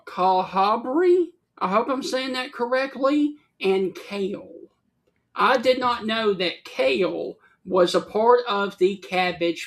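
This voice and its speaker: Slow, unhurried radio host reading segments. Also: mid-range voice, fairly bright tone. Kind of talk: reading daily segments, casual chat.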